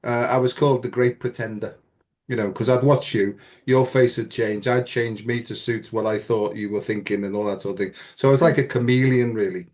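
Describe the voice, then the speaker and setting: A man hosting a casual conversation, talking in a calm, agreeable, reflective way. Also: medium pitch, brisk. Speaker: host.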